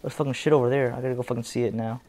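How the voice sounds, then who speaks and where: A man's voice: mid-range voice, fairly even intonation, rapid-fire, mellow. A young man casually commenting on gameplay, swearing and muttering at the game. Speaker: gamer, video host.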